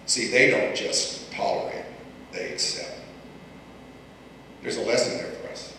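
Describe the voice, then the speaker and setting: A man's voice: mid-range voice, sharp tone, a little hiss or hum. An older man from the United States speaks to an audience at an alumni reunion, telling folksy anecdotes and addressing the listeners directly. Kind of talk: storytelling speech to an audience. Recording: echoey hall, distant mic, faint ambience.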